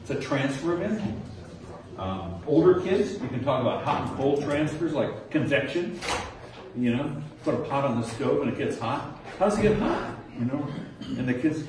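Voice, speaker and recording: Man guide at a nature center, chatty and animated with a group, miked from far off in a very echoey room. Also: mid-range voice, moderate pace, a crowd in the background. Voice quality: chatty, acts out kids' answers with rising tones. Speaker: nature center docent training teachers. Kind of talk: informal talk to a small group. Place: indoor room with a nature diorama.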